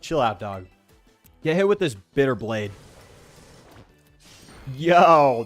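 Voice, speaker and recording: A man streams a game in casual, joking commentary, throwing in crude slang and reading the game's text aloud. His pitch bounces up and down as he reacts. The voice sits close and dry, with no room around it. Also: lively intonation, slow, long pauses, a bit bright, no room sound, soft background music. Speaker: let's play streamer.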